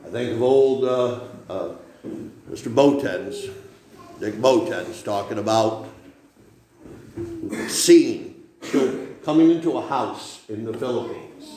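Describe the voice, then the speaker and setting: A man's voice: medium pitch, slow pace, long pauses. Man telling a war story in an echoey room. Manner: dramatic storytelling with sudden loud and hushed swings. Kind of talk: storytelling sermon.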